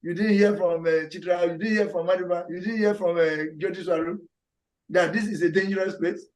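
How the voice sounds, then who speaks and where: A man teaching a scripture class online, animated, repeating words and acting out scolding voices. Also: sits high, fairly quick.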